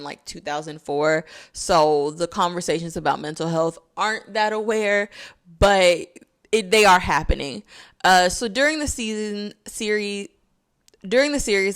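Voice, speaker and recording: A young woman talking through a casual video essay, chatty and full of "like"s. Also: on the low side. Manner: chatty, filler-heavy, with many "like"s.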